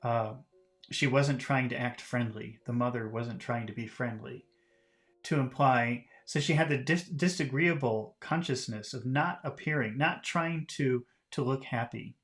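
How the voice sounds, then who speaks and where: A man's voice: mid-range voice, a little slow, a bit bright, soft background music. A man teaching English by reading a classic novel aloud and patiently explaining its words in plain terms.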